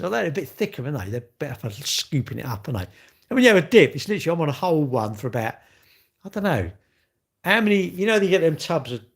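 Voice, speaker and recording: Middle-aged guy w a rambling on his live, cracking jokes at himself. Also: mid-range voice. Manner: rambling, jokey, self-mocking banter. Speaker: livestream host. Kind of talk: casual chat reading viewer comments.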